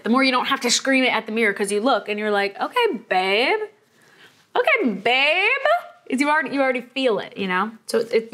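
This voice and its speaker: A woman's voice: fairly high pitch, a bit bright. A young adult woman hosting her own vlog, talking in a bubbly, enthusiastic and encouraging way. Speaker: vlog host. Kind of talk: upbeat motivational vlog talk.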